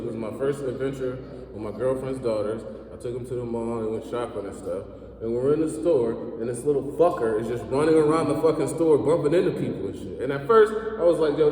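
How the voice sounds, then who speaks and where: A man in his thirties doing a stand-up comedy set, telling sarcastic, profane stories and jumping his pitch up when he acts out what he said. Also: a little mellow. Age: 30s. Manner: profane, sarcastic storytelling with quick pitch jumps. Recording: echoey hall, mic far off.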